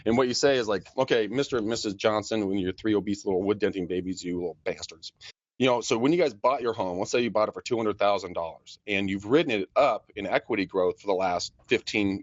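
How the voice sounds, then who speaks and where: A man co-hosting a casual podcast, talking quickly and stumbling over repeated words. His voice sits fairly low and sounds dry, close and a little dull. He laughs easily between thoughts. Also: dry recording. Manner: fast, animated, laughing often, many repeated words. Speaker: podcast co-host, real estate agent.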